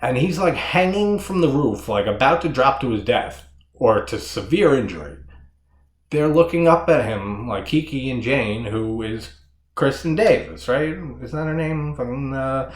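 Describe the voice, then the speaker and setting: A man reviewing a horror movie in casual, rambling talk, swearing often and laughing as he goes. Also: mid-range voice. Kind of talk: casual solo movie discussion. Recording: echoey room.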